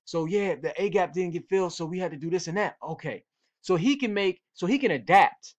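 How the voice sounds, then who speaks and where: A football coach speaks straight to young players in a casual teaching talk, hammering his points home with repetition. His voice sits a bit high for a man. The audio is dull and lo-fi. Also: lively intonation, a little fast. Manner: direct, repetitive, coach-like urging. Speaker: football coach and cornerback trainer.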